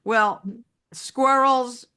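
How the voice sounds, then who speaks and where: Slow-talking chatty woman co-host. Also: high-pitched, fairly even intonation, bright, forceful tone, clear, resonant tone. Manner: chatty storyteller, laughs often, many restarts. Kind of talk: casual chat.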